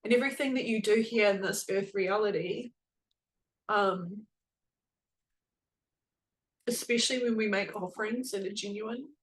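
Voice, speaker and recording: A woman's voice: mid-range voice, measured pace, long pauses, rough recording. A woman hosting a spiritual podcast, telling a personal story in a casual, earnest way and filling her speech with "like.". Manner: chatty, heavy use of "like", earnest and emotional.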